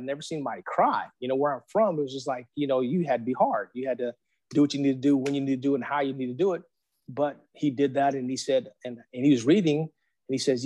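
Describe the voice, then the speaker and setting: Speaking fast at a medium pitch, a man in his forties gives his faith testimony as a podcast guest. He tells it with slang and energy, acting out the voices he quotes.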